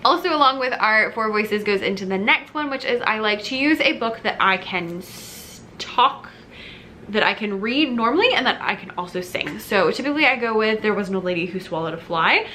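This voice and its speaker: A woman's voice: mid-range voice, expressive, moderate pace, sharp tone, a little hiss or hum. A woman who teaches elementary music, chatting casually to camera with an upbeat manner and many fillers.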